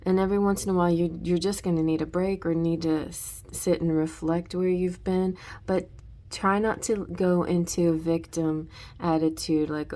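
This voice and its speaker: A woman's voice: fairly low pitch, little pitch movement, moderate pace, mellow. A woman giving a casual tarot reading in a rambling way, full of restarts and "you know". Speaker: tarot reader.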